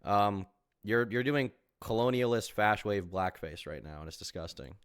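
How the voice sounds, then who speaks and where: A man's voice: lowish voice, animated, moderate pace, smooth, no room sound, clean studio sound. A man streaming reaction commentary, mocking and incredulous, swearing often and breaking into laughter.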